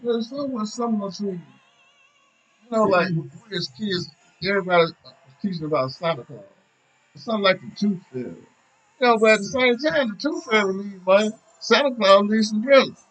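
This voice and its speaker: A high-voiced man joins a casual discussion, rambling and halting as he gathers his thoughts. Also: animated, fairly bright tone, soft background music, low-quality recording. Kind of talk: casual talk show discussion.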